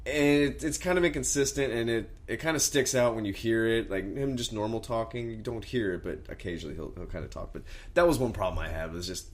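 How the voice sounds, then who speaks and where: A man's voice: medium pitch, quick pace. A young man co-hosting a podcast, chatting casually about a film, rambling and trailing off with casual swearing. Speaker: podcast co-host.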